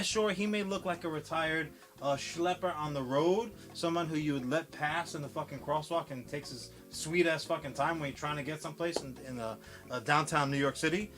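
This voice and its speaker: A man's voice: on the high side, fairly bright tone. A man casually recapping a film on a podcast, swearing often and acting out the characters' lines. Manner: profane, rambling storytelling with acted quotes. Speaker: podcast co-host.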